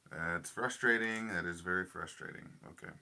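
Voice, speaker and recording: A man's voice: deep voice, moderate pace, pushed and bright, smooth. A man hosting a hobby live stream, chatting casually with viewers and muttering about his frustration while he works on a model truck. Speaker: RC hobby livestream host.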